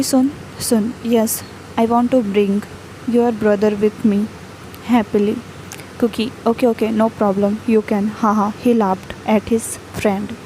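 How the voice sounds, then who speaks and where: A woman reading a fan fiction chat story aloud. She speaks each speaker name and stage cue in the same even, unvaried tone. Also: fairly high pitch, slight background noise, low-quality recording.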